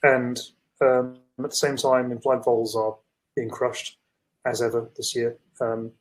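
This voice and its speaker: A man's voice: medium pitch, little pitch movement, unhurried, rough recording. A male trader on a video call, chatting casually about his positions, rambling and correcting himself with fillers. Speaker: trader and co-presenter. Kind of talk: casual market chat.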